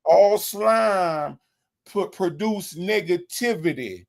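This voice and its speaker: A man's voice: high voice, slow pace, vocal fry. A man hosting a casual commentary show, mocking and often restarting his sentences. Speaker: show host.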